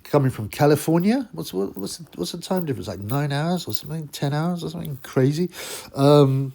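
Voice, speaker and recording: Male boxing-channel host, gravelly fry, rambling mocking delivery, mid-pitched. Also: a little mellow. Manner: rambling, mocking, laughs at own jokes. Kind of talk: casual rambling commentary.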